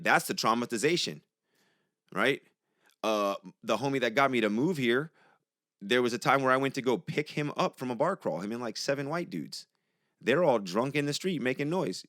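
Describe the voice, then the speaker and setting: A man's voice: mid-range voice, fairly bright tone, no room sound, clean studio sound. Heated, cursing young man on podcast. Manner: profane, heated, conversational. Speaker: podcast host. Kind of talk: casual monologue.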